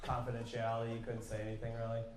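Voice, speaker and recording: A man doing stand-up crowd work, quick and mocking, laughing at his own jokes on a club stage. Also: mid-range voice, completely flat delivery, echoey room, noisy background.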